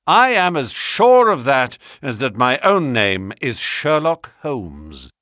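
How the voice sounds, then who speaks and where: A man reading an audiobook, voicing a firm, commanding male detective in a raised, louder voice. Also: mid-range voice, big pitch swings, no echo, studio quality, voice pushed up, heavily acted. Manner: brisk and firm.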